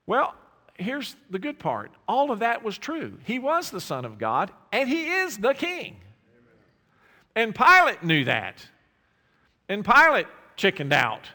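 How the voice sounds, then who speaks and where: High-voiced bright preacher in a reverberant hall. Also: male voice, sing-song, a little slow. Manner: preaching with rhetorical questions to the congregation. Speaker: pastor. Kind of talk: sermon. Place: church sanctuary.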